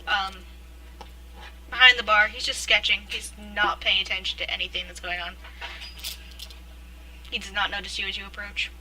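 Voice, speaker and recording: A woman narrating a tabletop role-playing game as game master, relaxed, with plenty of fillers and pauses. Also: mid-range voice, low-quality recording. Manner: relaxed, hesitant with fillers and frequent laughs.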